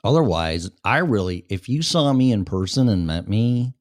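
A man's voice: lowish voice, lively intonation, normal speed, darkish tone, no echo. A man hosting his own radio show, talking in a blunt, profane and rambling monologue into a studio microphone. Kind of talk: casual monologue.

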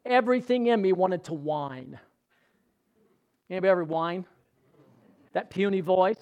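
A man's voice: high voice, a little slow, long pauses, a little mellow, muffled recording. A male pastor preaching a sermon in a conversational, storytelling way, often asking the congregation questions.

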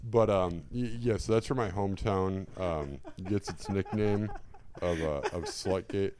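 A man's voice: deep voice, unhurried, noisy background. A young man on a casual podcast, telling a story in a rambling way with many fillers. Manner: rambling, full of fillers and laughs. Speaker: podcast co-host.

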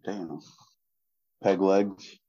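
A man, co-hosting a casual podcast chat in a flat, deadpan way with lots of fillers. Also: deep voice, drawn-out words, breathy edge, no room sound, highs cut off. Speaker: podcast co-host.

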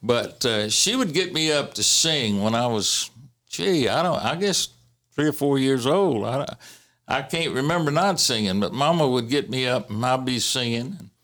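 A man casually telling family stories in a halting way, with many fillers and restarts and the odd chuckle. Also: medium pitch, animated, a bit bright. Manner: chuckles while recalling. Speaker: interviewee recalling family history. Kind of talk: casual storytelling.

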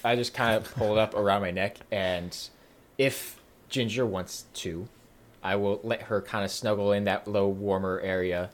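A man playing a tabletop game, hesitant and soft-spoken, often stumbling and restarting his sentences. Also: on the low side, steady tone, normal speed. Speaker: player.

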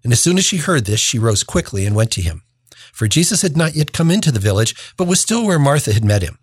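A man's voice: mid-range voice, big pitch swings, fast talker, slightly rough, no echo. A man reading a gospel passage aloud, then preaching a homily in an earnest tone, often restarting his phrases.

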